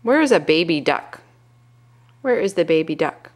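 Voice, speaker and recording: A young woman reading a picture book aloud to her toddler at home, gently asking questions and coaxing with little animal noises. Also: sits low, big pitch swings, normal speed.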